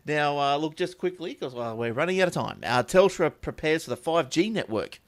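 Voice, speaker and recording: A man's voice: on the high side, brisk. An Australian man hosting a casual tech podcast, jokey and steering the conversation. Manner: lively, jokey, steers the talk. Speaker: podcast host.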